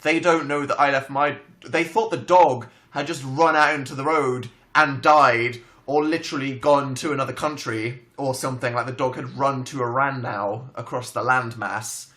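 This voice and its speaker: A young Englishman hosting a livestream from home, telling stories in an animated, self-mocking and dramatic way. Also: mid-range voice, normal speed, hardly any pauses. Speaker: livestream host. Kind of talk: casual storytelling chat. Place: home, indoors.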